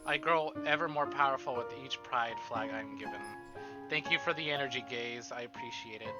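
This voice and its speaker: A man streaming a visual novel, chatting casually with his chat, excitable and swearing often. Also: mid-range voice, brisk, music in the background. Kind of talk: casual live-stream chat and game reading.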